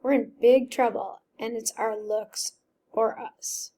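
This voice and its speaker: A frightened, guilt-stricken teenage boy, voiced lightly by a woman reading a novel aloud. The voice sits a little high, with a gravelly edge. It stays close to a plain storybook reading with only a small emotional lift. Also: steady tone, slow pace, warm tone. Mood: worried.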